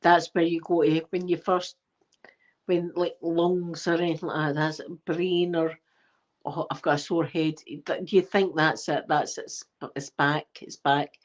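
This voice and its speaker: A middle-aged woman with a Scottish accent chatting warmly and emotionally to her viewers, close to tears and short of breath. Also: on the low side, measured pace. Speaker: ASMR channel host. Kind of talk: casual heartfelt chat to viewers. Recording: dull lo-fi recording.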